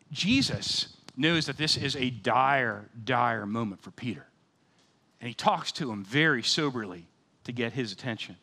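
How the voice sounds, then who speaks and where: A man in his fifties preaching a sermon, animated, swinging between loud excited bursts and quiet, sober scripture readings. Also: mid-range voice. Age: 50s. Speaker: pastor.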